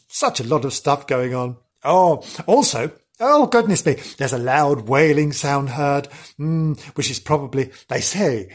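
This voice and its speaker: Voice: mid-range voice, slightly rough. A host telling spooky stories in a comic, gossipy way, full of gasps and exclamations. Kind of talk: comic storytelling.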